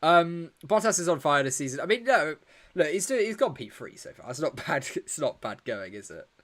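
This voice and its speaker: A man whose voice sits on the high side, sing-song and a bit bright, hosts a casual live watch-along at a moderate pace. Tired and yawning, he stays chatty and joking as he reacts to the action and answers viewer questions.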